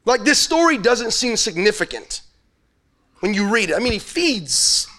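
Male pastor with a high voice, chatty storyteller in the pulpit, quizzes the crowd. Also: very animated, normal speed, bright, forceful tone. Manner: casual storytelling preacher who asks the audience questions. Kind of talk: sermon.

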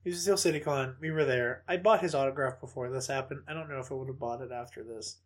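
A man co-hosting a podcast, an animated storyteller who swears freely in casual chat. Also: medium pitch, quick pace. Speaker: podcast co-host.

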